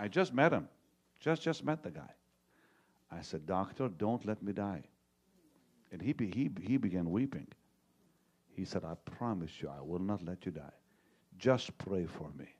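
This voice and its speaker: A man in his sixties preaching a sermon, telling a personal story in a conversational way, with loud jokes that drop to hushed, quiet moments. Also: low voice, slightly rough. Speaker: pastor.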